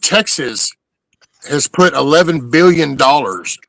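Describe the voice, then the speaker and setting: An American man hosting a casual chat, ranting in an animated way and swearing casually. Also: a little high, slow pace, creaky, no room sound, poor audio. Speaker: podcast host.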